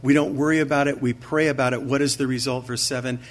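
A man's voice: mid-range voice, fairly even intonation. Earnest male pastor preaching. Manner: conversational preaching full of rhetorical questions; earnest, slows down to stress key phrases. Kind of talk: sermon.

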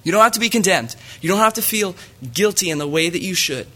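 Earnest man preaching with a bright voice. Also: high voice, expressive, quick pace. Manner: earnest, reads scripture aloud. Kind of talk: sermon.

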